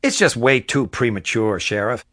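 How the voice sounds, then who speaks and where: A man's voice: medium pitch, moderate pace, a bit bright, no echo, studio quality, lightly acted. A man reading an audiobook, voicing a skeptical town official who objects insistently.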